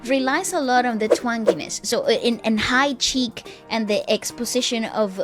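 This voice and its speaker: High-voiced woman, gushing music reactor. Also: normal speed. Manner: effusive, gushing, then explains technique calmly. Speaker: vocal coach reacting to music. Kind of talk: casual reaction chat.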